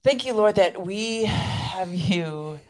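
A woman's voice: medium pitch, animated, takes it slowly. A woman co-hosting a faith podcast, chatting earnestly and leading a prayer. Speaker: podcast co-host. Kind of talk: casual chat and spoken prayer.

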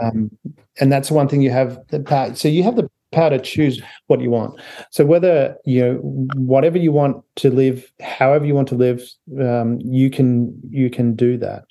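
A man's voice: mid-range voice, normal speed, warm tone. A man speaking as an author guest on a podcast, chatty, often laughing and restarting his sentences. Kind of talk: casual interview talk.

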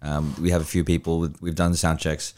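A man co-hosting a podcast in casual chat, calm and measured with hesitant restarts. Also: rumbling low. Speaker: podcast co-host.

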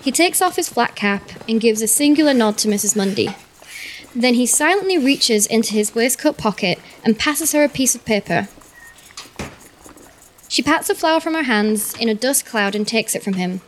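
A woman's voice: a little high, animated, moderate pace, a little hiss or hum. A woman narrating scenes as game master of a tabletop role-playing game, describing them steadily.

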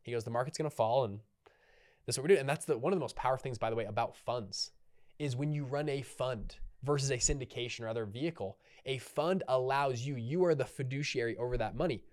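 A man's voice: mid-range voice, fast talker, a little mellow. A man hosting a solo podcast, talking casually and rambling off on tangents with lots of restarts and fillers. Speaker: podcast host.

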